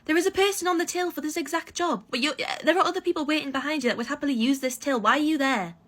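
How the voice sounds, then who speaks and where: A young woman tells a work story in a casual rant. Her voice sits a little high, and she shifts between mocking impressions and disbelieving asides, with a sarcastic, exasperated edge throughout. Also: fast talker, fairly bright tone. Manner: exasperated, sarcastic, acts out both sides.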